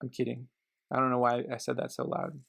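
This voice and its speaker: A middle-aged man vlogging about cars in casual chat, rambling and joking, then turning quiet and reflective. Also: medium pitch, monotone, fast, vocal fry, smooth. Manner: rambling, self-interrupting, joking. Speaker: car vlogger.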